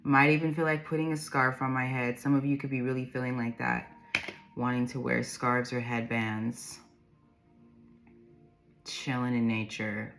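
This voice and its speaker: Brief: deep-voiced woman, tarot reader, chatty and rambling, laughs a lot, soft music underneath. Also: level tone, measured pace, vocal fry, long pauses. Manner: rambling, laughs often, reads card meanings aloud. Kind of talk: intuitive tarot reading.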